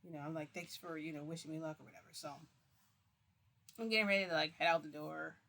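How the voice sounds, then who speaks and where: A woman's voice: deep voice, steady tone, fast, vocal fry, a bit bright, slight background noise. Rambling woman retelling a story. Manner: rambling, constantly quoting with "I'm like". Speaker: vlogger recounting a reality-shifting experience.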